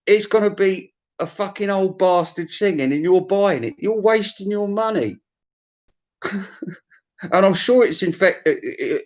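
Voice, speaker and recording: A man hosting a vinyl collector's live stream, ranting sarcastically and swearing as he talks to his chat. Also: on the high side. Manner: profane, sarcastic, mocking rant. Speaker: vinyl collector channel host.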